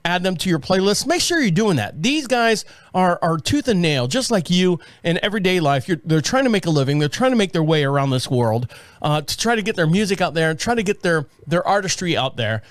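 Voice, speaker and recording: A high-pitched man hosts his podcast, rambling from one aside to the next in a casual, joking way. His voice sits dry and close, with no room sound around it. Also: no echo. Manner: rambling and chatty, with asides and jokes. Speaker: podcast host. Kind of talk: casual chat. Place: podcast studio with several cameras.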